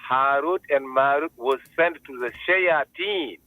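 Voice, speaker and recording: A man's voice: medium pitch, unhurried. A man from Sri Lanka, calling in to a debate show in broken English, insistent and accusing. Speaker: caller. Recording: tinny phone-like call line.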